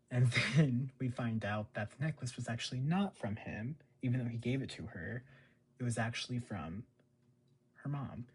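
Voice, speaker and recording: A man's voice: mid-range voice, a little mellow, husky. A man casually recapping a TV episode, rambling with lots of fillers. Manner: rambling, filler-heavy, chuckles often. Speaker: show recap host.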